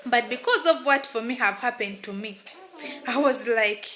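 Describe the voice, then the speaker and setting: Woman narrating a story, bright and a bit high, emotional, repeats herself a lot. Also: normal speed, a little hiss or hum. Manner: emotional, repetitive, tags lines with "what and what". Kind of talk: first-person story narration.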